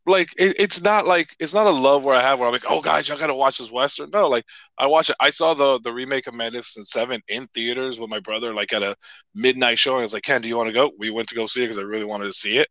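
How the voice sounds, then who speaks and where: Male podcast co-host, rapid and eager, punchy tone, lo-fi dry mic. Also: medium pitch, bright, forceful tone, no echo. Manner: fast, eager, filler-heavy. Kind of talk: casual film review chat.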